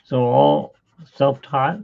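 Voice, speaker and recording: Gravelly middle-aged man, tinny phone-like audio. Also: medium pitch, steady tone, very slow. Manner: rambling, chatty storytelling. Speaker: art livestream host. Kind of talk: casual live drawing chat.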